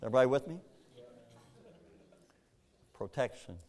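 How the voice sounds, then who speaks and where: A man preaching a sermon to a congregation, animated, jumping into loud, high acted-out voices. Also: normal speed. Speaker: pastor.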